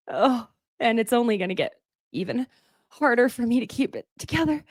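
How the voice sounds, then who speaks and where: A woman's voice: fairly high pitch, lively intonation, normal speed, no echo, studio quality. A woman chatting casually as she recaps a reality show, gushing and often laughing. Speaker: recap host.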